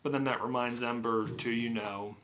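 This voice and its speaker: A man's voice: mid-range voice, steady tone, normal speed, fairly bright tone, slight background noise. A man giving a casual, rambling spoken movie review, with frequent filler words and restarts. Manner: rambling, full of "you know" and "like". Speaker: film reviewer.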